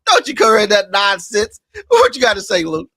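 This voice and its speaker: High-pitched, animated teasing man. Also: moderate pace, gravelly, dry recording. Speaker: roast emcee. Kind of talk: live show banter.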